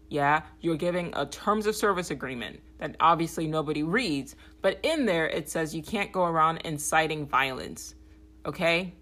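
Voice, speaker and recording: A woman's voice: animated, normal speed, a bit bright. A woman hosting a podcast, giving a blunt, profane political monologue and often checking in with "okay?". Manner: grows heated and higher when agitated. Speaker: podcast host.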